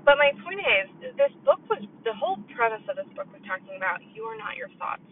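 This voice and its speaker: A woman's voice: a little high, very animated, a little fast, a little hiss or hum. A woman hosting a podcast, giving casual advice in a chatty, self-deprecating way, swearing freely. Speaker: podcast host. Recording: tinny phone-like sound from far off the mic.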